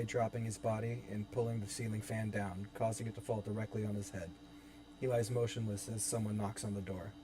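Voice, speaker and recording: A young man narrating scene directions evenly in a dramatic reading of his own horror script. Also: lowish voice. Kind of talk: dramatic script table-read. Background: background music.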